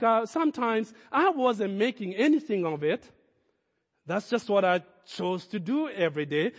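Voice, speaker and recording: A man's voice: very high voice, big-room sound. A man preaching a sermon as a pastor, speaking in emphatic, repeated declarations.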